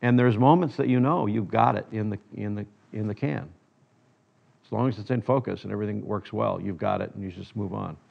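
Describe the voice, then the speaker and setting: A man's voice: on the low side, a little fast, gravelly, dull audio. An older man, a filmmaker, telling stories in a reflective interview, often quoting others in his anecdotes.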